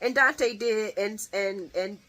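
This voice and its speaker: A woman giving a casual, animated recap of a soap episode, laughing often and swearing freely. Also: medium pitch, slow pace. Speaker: soap opera recap vlogger.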